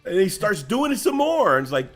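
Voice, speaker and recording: A man hosting a casual livestream, bantering loudly and laughing as he teases his guests. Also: sits high, very animated, a little fast, soft background music. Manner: loud, laughing, teasing. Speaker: host.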